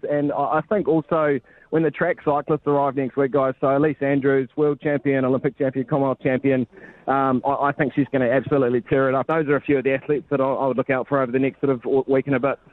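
A man's voice: medium pitch, level tone, fast talker, no room sound, phone-quality sound. A man reporting live in a matey, rambling way, often restarting his sentences. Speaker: sports reporter calling in. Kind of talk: casual live cross report.

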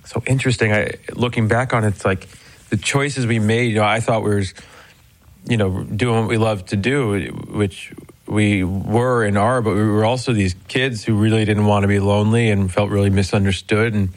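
A man from New Jersey, a musician guest in a radio interview, telling a story in a quick, rambling way. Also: on the low side, steady tone.

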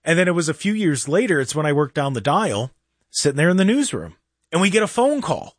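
A middle-aged man hosting a radio talk show, telling stories in a lively casual way and acting out what people said. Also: fairly high pitch, brisk, dry recording, clean studio sound. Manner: animated storyteller, acts out quotes.

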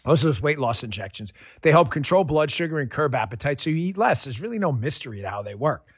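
A middle-aged man reading a radio ad as spokesman, energetic and punchy, with big jumps in pitch. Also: slightly rough, dry recording, studio quality. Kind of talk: host-read radio ad.

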